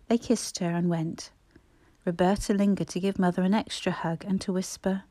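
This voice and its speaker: Warm-voiced woman reading a storybook. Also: fairly low pitch, no echo. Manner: measured, expressive. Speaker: audiobook narrator.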